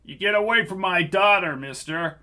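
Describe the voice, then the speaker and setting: A man voicing a protective farmer father who speaks in a clear, well-enunciated way, in an audiobook reading. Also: fairly high pitch, normal speed, sharp tone, pitched above the performer's own voice. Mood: angry. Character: broad-shouldered farmer father, protective and angry.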